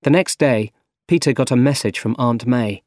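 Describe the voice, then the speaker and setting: A man reading a story aloud for learners, slow, clear and measured. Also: medium pitch, a little mellow, no echo, studio quality. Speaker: narrator.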